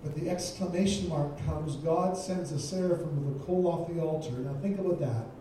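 A man's voice: on the high side, a little fast, noisy background. A man preaching a sermon as a guest speaker, emphatic, repeating his key phrases for weight. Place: church sanctuary. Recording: echoey church from far off.

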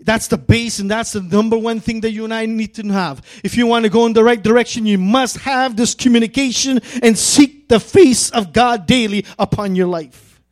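A man's voice: very high voice, fairly even intonation. A man preaching a sermon as pastor, earnest and emphatic, stretching out key phrases. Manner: earnest, drawn-out emphatic phrases building to fervent pleading.

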